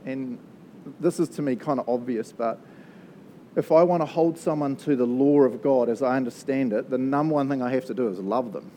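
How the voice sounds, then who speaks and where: A man's voice: mid-range voice, brisk, mellow, a little hiss or hum. A man with a New Zealand accent preaching a casual, conversational sermon, chatty and joking, often laughing at his own asides. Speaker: pastor.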